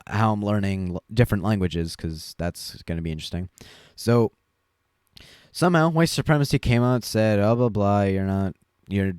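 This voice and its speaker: Podcast host, young man, low voice, unhurried and wry, dry close sound. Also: a little mellow, smooth, no room sound. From Chinese family background. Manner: rambling, wry, many fillers. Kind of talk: casual monologue.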